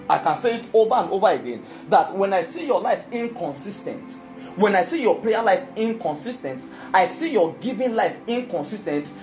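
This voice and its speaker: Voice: medium pitch, a little mellow. A preacher giving an emphatic sermon and often asking the congregation if they follow. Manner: emphatic, keeps asking the audience questions. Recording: dull lo-fi recording.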